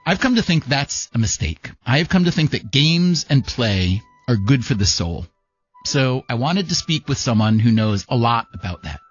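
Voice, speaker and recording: A man hosting a podcast, narrating in a measured, reflective way and interviewing a guest. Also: medium pitch, big pitch swings, husky, muffled recording, soft background music. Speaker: podcast host.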